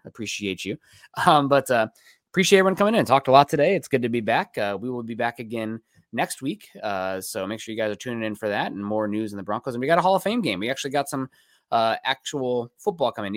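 A man's voice: fairly low pitch, no echo, studio quality. A man hosting a casual sports podcast, loose and rambling, thanking listeners by name. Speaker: podcast host.

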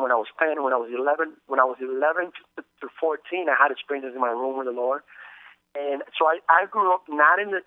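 A man from the Dominican Republic, a guest telling his story with many halting restarts over the phone. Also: medium pitch, dry recording. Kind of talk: casual testimony over the phone. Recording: tinny phone line, dry.

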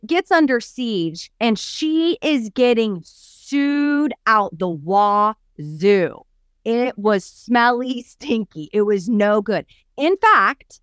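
A woman's voice: high voice, clear, resonant tone, dry recording, studio quality. A woman co-hosting a coaching podcast, telling a story expressively and acting out the quoted voices. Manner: expressive, acts out quoted voices, emphatic lists. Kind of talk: animated storytelling chat.

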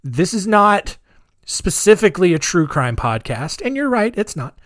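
A man in his thirties hosting a podcast, rambling in a chatty way with dark sarcastic humor. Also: high-pitched, very animated, normal speed, no room sound, clean studio sound. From United States. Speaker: podcast host. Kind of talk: casual podcast monologue.

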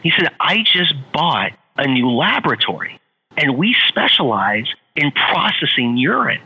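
Animated man telling a story, bright and husky. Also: on the high side, measured pace, in a large hall, lo-fi sound. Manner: animated, repeats phrases for effect. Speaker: guest, author and entrepreneur. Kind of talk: storytelling in an interview.

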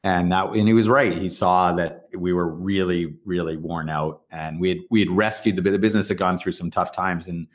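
Middle-aged guy, really low voice, casual founder interview, rambly storytelling with lots of "like" and "um". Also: a little fast, hardly any pauses. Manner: rambling, animated, acts out quoted dialogue. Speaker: startup founder and CEO guest.

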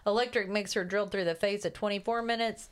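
A woman co-hosting a horror movie podcast, reading a kill count and trivia in a brisk, list-like delivery. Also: medium pitch, steady tone, clean tone. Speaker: podcast co-host.

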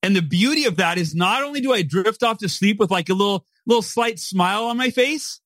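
A man's voice: high-pitched, animated, a little fast, fairly bright tone, no room sound. A man in his forties, a guest author on a podcast, explaining emphatically and often ending points with "right?". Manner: emphatic, repetitive "right?" tag questions. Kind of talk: podcast interview, motivational explaining.

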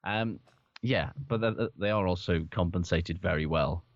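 Podcast co-host, male, very low voice, dry close sound, rambling and sweary delivery. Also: normal speed, no room sound, highs cut off. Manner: swearing, rambling, laughs often. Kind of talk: casual sports chat.

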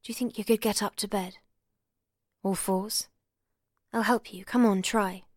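A woman reading aloud voices a cool, evasive young woman who speaks briskly and often in a whisper. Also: medium pitch, steady tone, no room sound, studio quality, lightly acted. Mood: soothing.

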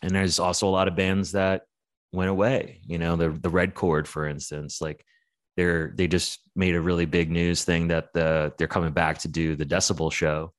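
Low-voiced man chatting about metal. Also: level tone, normal speed. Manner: rambling, profane, full of fillers. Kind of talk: casual chat.

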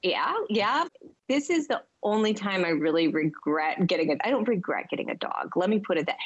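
A woman's voice: medium pitch, lively intonation, brisk, breathy edge, lo-fi sound. A woman co-hosting a podcast, chatting in a friendly, easygoing way and often laughing. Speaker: podcast co-host. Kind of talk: casual chat.

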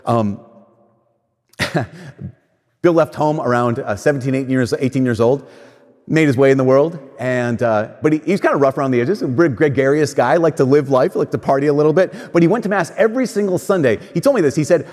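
A man's voice: mid-range voice, fairly quick, a little mellow. A man giving a casual, conversational sermon, telling stories and acting out what people said. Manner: conversational storytelling, acts out quoted voices. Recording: long church reverb.

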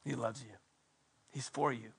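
A middle-aged male pastor preaching a passionate sermon, swinging between loud emphatic declarations and hushed, intimate passages. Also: mid-range voice, fairly even intonation, unhurried, gravelly, breathy edge.

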